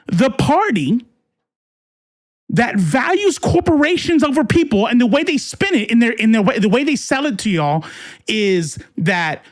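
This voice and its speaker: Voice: medium pitch, big pitch swings, unhurried, no room sound. Political host going off at chat, swearing nonstop, voice jumping all over, super dry room. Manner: profane, combative, talks back to chat. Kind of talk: heated political rant to live chat.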